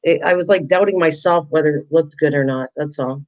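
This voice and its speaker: A woman's voice: low voice, a little fast, darkish tone, muffled recording. A chatty woman talking casually to her viewers while she works on a craft project, laughing at herself. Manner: chatty, self-deprecating, talks to viewers in chat. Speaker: craft vlogger.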